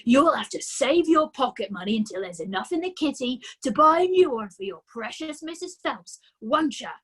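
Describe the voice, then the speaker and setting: A woman's voice: high-pitched, animated, moderate pace, fairly bright tone, breathy edge, voice pushed up, exaggerated voice. A woman voicing a spiteful, taunting father in a storybook reading. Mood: sneering. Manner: sneering, taunting. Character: spiteful bullying father, a grown man.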